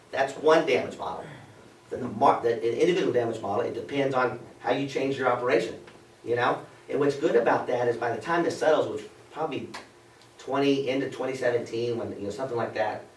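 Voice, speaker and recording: A man, a lawyer talking informally to a meeting of farmers in a folksy way, often asking "okay?", with a dry throat and a voice going hoarse. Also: medium pitch, slight background noise. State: losing his voice, dry throat. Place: meeting room with an audience. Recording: echoey room, voice from a distance.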